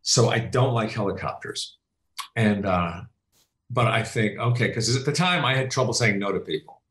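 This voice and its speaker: A male comedian chatting as a guest from home, telling animated stories and acting out the voices of the people in them. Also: fairly low pitch, moderate pace, echoey room. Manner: animated storyteller, acts out quoted voices. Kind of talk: casual chat. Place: his home. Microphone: remote call.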